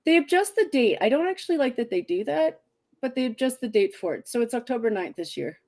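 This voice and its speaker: A woman from Canada co-hosting a casual online talk show, chatty and quick to laugh. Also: a little high, very animated, darkish tone. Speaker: podcast co-host. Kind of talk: casual chat.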